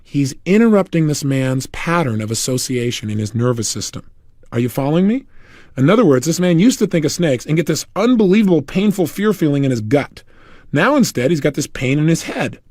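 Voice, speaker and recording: His voice a little high and his delivery fairly quick, a motivational speaker narrates an animated story for an audio program and voices the characters in it. The recording is dry and studio quality.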